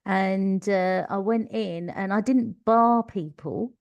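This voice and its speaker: A middle-aged woman with a Cockney accent guests on a podcast, chattily telling stories from her working life and laughing often in a conversational interview. Her medium-pitched voice is slow, creaky, and darkish, recorded with no room sound.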